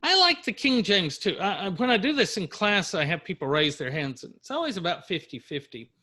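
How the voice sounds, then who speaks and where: A man's voice: high-pitched, sing-song, brisk, bright, forceful tone. A middle-aged man from Louisiana, a university lecturer, reading verse aloud to a class and explaining it with frequent fillers.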